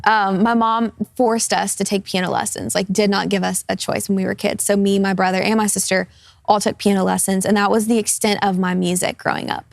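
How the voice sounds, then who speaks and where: Her voice sits at medium pitch with little movement, brisk and gravelly, captured in a dry recording. She's a talk show guest in her twenties in a television studio, earnest and open as she tells her personal testimony, laughing readily when things turn light.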